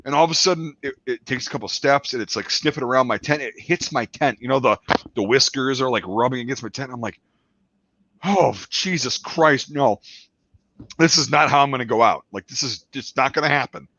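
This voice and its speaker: A man tells a swearing, animated story in loose podcast chat. His voice is bright and forceful, close and dry. The sound is a little dull. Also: mid-range voice, fast talker, no echo. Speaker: podcast host.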